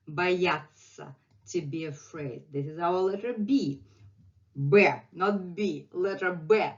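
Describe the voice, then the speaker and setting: A middle-aged woman with a Russian accent teaches a language lesson at a very slow, deliberate pace. She patiently repeats each word for her learners, and the lo-fi recording sounds dull. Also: lowish voice.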